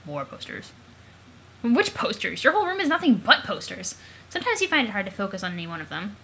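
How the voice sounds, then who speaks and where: A young woman reading a webcomic aloud, excitable and giggly, swearing casually between lines. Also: mid-range voice, slight background noise. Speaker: let's play narrator.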